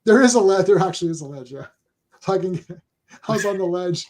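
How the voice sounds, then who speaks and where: A man co-hosting a casual chat show, talking excitedly with many restarts and reading viewer comments aloud. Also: high voice, brisk. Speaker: co-host.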